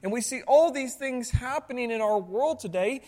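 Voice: medium pitch, expressive, normal speed, warm tone. A pastor preaching a sermon to a congregation, asking them rhetorical questions and adding sarcastic asides. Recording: long hall reverb.

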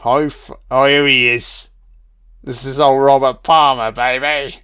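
An excitable man gives a casual, heavily profane film commentary packed with slang, calling listeners man, son and baby. His mid-range voice is clear and resonant, at a measured pace.

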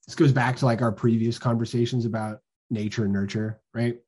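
A man in his thirties trades stories on a casual dad podcast. His voice is husky and sits in a middle pitch, and he talks in a loose, joking way with plenty of profanity. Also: steady tone, fairly quick, a little mellow. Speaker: podcast co-host. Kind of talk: casual chat.

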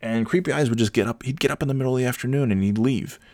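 A man's voice: mid-range voice, very fast, darkish tone, no room sound. A man telling a rambling, profane workplace anecdote in a casual monologue, full of fillers and growing exasperation. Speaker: storyteller.

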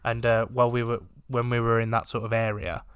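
Teasing man in relaxed chat. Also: mid-range voice, a little fast, clear, resonant tone, no echo, studio quality. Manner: relaxed, teasing, with frequent restarts. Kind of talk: casual chat.

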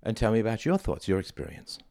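Deep-voiced man in a reflective monologue. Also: sing-song, fast talker, vocal fry, warm tone, no echo, clean studio sound. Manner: reflective, conversational, emphatic. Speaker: podcast host. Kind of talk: solo monologue.

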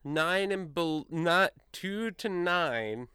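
A man running a tabletop game as game master, narrating in a relaxed, meandering way. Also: sits high, drawn-out words, clean tone, no room sound, studio quality.

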